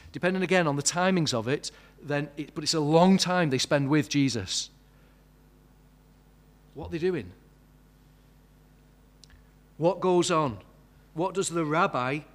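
A man preaching a sermon, asking many questions and building to emphatic peaks. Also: a little high.

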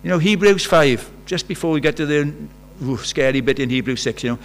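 A man's voice: on the high side, fairly quick. A man preaching a sermon in a conversational way, asking the congregation rhetorical questions. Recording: faint mains hum.

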